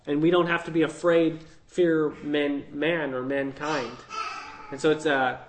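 A man's voice: on the high side, little pitch movement, a little slow, slight background noise, low-quality recording. A man teaching through a Bible passage verse by verse, thinking aloud in a conversational way and checking in with "right?".

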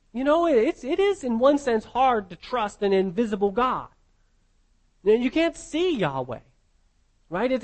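A man with a notably high-pitched voice delivers an expository sermon. He speaks earnestly and emphatically. He keeps circling back with rhetorical questions to press his point home. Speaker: preacher.

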